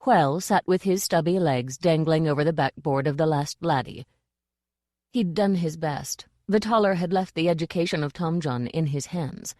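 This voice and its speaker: A woman narrates a fantasy novel in a steady, unhurried storytelling manner. Her voice sits low for a woman, and the recording is dry and close with no room sound. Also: dry recording. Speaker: audiobook narrator. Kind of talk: scripted narration.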